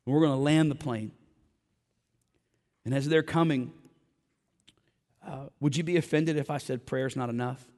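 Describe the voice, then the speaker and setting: A man's voice: mid-range voice, normal speed, pauses often, a little mellow, long reverb tail. A man preaching a sermon in a church, impassioned and direct, with a joking aside now and then. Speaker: pastor. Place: church sanctuary.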